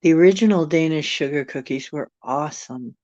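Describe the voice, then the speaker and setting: A woman's voice: low voice, brisk, a little mellow, dry recording, muffled recording. A woman from the United States hosting a casual live stream, musing aloud and answering viewer comments. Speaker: channel host chatting with viewers.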